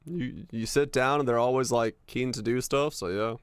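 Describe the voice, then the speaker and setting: A young man live-streams from home in casual chat, ranting to his viewers in an easygoing way and swearing freely. His smooth, mid-range voice moves at a moderate pace and sounds close and dry, with no room sound at all.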